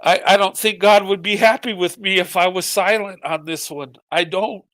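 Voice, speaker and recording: A middle-aged man giving a halting, emotional personal monologue to his viewers, tearful and often repeating his words as his voice breaks. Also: high voice, fairly even intonation, a bit bright, dry recording. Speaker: vlogger.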